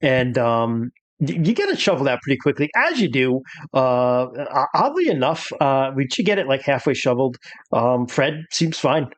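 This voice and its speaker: A man running a tabletop horror game as game master, explaining rules with many pauses and fillers. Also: mid-range voice, very animated.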